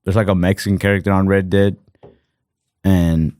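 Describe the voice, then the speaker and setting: This young American podcast co-host rambles through a casual comedy show, full of fillers like "like" and "fucking." His low, darkish voice has a flat delivery at normal speed, and the clean studio recording has no room sound.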